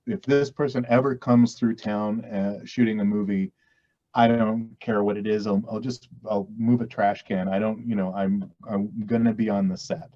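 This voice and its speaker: Heard through dull, lo-fi sound, this middle-aged West Coast Canadian actor talks as an interview guest, wandering off track, poking fun at himself, and frequently starting over. He has a lowish, mellow voice with fairly even intonation and a moderate pace.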